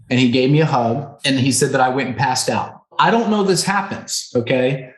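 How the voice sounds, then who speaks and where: Speaking at normal speed with hardly any pauses, a man in his thirties uses a mid-range voice to recount a personal story in an earnest, emotional way. He is a podcast guest and recovery center co-owner who keeps checking in with "right?" and "okay?". His voice has a roomy echo.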